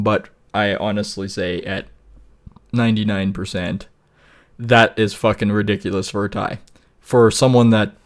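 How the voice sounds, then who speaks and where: A man talking casually through a screen-recorded tutorial, rambling, laughing often and swearing now and then. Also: lowish voice. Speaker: YouTuber.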